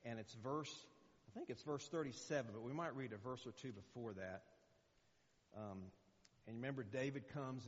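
A man in his sixties preaching as a guest speaker in a conversational, rambling way, full of fillers and restarts. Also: mid-range voice. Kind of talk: sermon. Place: church hall. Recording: muffled echoey church recording.

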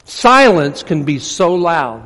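A man preaching a sermon as pastor, swinging between emphatic preaching and hushed asides. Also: a little high, sing-song, takes it slowly. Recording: long reverb of a large hall.

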